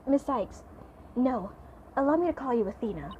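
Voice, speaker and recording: A woman voicing a young female lawyer raised as a boy, reading her game lines in a lower, measured tone. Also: expressive, dull audio, slight background noise, close to an everyday voice. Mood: composed.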